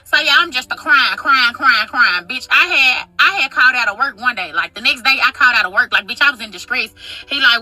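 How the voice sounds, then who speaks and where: A woman in her twenties telling a casual storytime, profane, dramatic and animated. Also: sits high, fast talker, dry recording, poor audio. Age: 20s.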